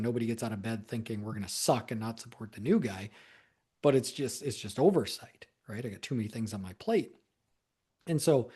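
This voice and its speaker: A man's voice: medium pitch, darkish tone. A man speaking as a sales coach, giving conversational advice in a solo talk, often repeating words and stressing key points.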